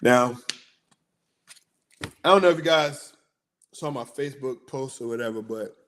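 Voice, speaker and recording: A man hosting a casual sports talk livestream, slangy and excitable, rambling about his picks. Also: mid-range voice, a little slow. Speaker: sports podcast host.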